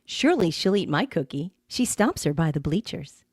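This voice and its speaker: A woman's voice: lowish voice, very animated, moderate pace, darkish tone, slightly rough, dry recording, clean studio sound. A woman co-hosting a podcast, reading listener-sent comic poems and breaking into laughter often. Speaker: podcast co-host.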